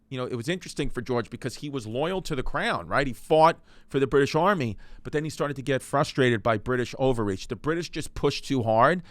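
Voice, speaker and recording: A man's voice: mid-range voice, a bit bright, no echo. A man hosting a comedic history show, telling it in a rambling, joking way and talking straight to the listener. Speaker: comedic history podcast host. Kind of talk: casual comedic storytelling.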